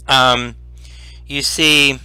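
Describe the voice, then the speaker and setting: A man running a tabletop game as game master, describing the scene slowly and deliberately. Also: medium pitch, flat delivery, pushed and bright, clean tone, dry recording, soft background music.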